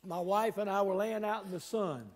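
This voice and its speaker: A man's voice: high voice, moderate pace, long reverb tail. A man, preaching an exuberant, joking sermon as guest pastor. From North Carolina. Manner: fiery, joking, shouts to the congregation. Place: church sanctuary. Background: congregation responding.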